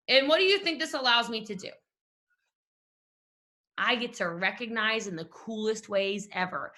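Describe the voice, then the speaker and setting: Brief: high-pitched Southern woman, bright tone, gushing team-leadership pep talk from home. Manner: animated, gushing, talks straight to listeners. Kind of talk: energetic motivational talk on a call. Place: at home desk. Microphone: video call.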